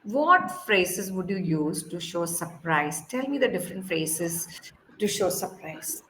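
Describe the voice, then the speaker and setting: A woman's voice: lowish voice, lively intonation, measured pace. A woman with an Indian English accent, tutoring spoken English on a video call, coaxing and acting out phrases with exaggerated intonation. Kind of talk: online spoken-English lesson. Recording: echoey room with loud background noise.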